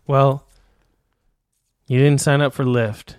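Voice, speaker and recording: A man's voice: medium pitch, steady tone, unhurried, darkish tone, no room sound, studio quality. A man co-hosting a podcast, riffing crude joke movie ideas in casual banter and laughing often. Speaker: podcast co-host.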